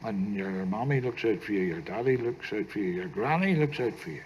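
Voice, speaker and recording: An older actor playing a gentle, humorous grandfather who gives his grandson life advice in a film scene, with a teasing tone. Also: fairly low pitch, expressive, brisk, slight background noise, lightly acted, poor audio.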